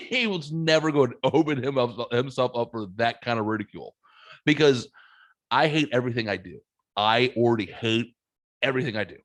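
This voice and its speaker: A man's voice: medium pitch, lively intonation, a little fast, a bit bright. A man hosting a podcast in casual chat, self-deprecating and swearing freely as he vents. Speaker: podcast host.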